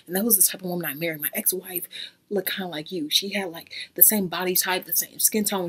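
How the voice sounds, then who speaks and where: A woman's voice: fairly low pitch, steady tone, quick pace, fairly bright tone, a little hiss or hum. Brash, profane young woman telling a story. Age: 20s. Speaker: YouTuber. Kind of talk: casual storytime rant.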